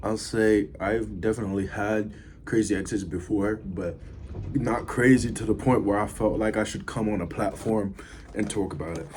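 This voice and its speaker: A man's voice: lowish voice, fairly even intonation, moderate pace, a little mellow, slight background noise. A man talking casually to camera, rambling with fillers as he reviews food and tells a story. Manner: laid-back, rambling with fillers. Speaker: vlogger.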